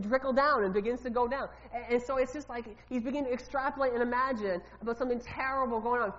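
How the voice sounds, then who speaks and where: A woman preaching a sermon in a loose, conversational way, asking the congregation questions and often repeating her words. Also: a little high. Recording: reverberant hall, dull lo-fi sound.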